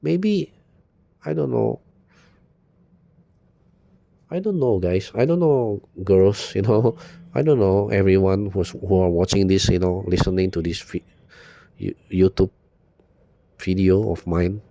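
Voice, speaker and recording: A man's voice: deep voice, slow, creaky, pauses often, dark tone. A man giving an unscripted video monologue, rambling and profane, repeating "you know" constantly in a bitter tone. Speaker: video blogger.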